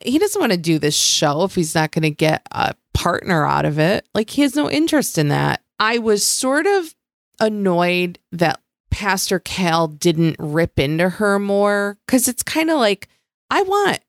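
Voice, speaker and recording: Slow gravelly-voiced woman co-host. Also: medium pitch, sing-song, dry recording, studio quality. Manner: blunt, swearing, sarcastic. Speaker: podcast co-host. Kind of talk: casual recap chat.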